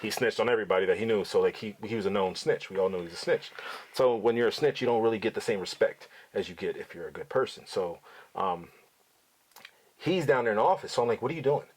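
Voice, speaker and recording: A man's voice: on the low side, quick pace. A middle-aged father hosting a podcast, telling his son stories in a blunt, profane, outspoken way. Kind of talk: casual storytelling to his son.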